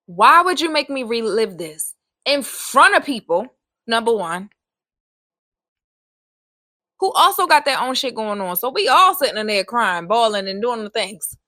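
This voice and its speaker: Woman podcast host, solo monologue: forceful and bright, swears freely, drives points home by repeating them. Dry close recording. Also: on the high side, big pitch swings, normal speed, dry recording. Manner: raw and emphatic, swears often, hammers repeated phrases.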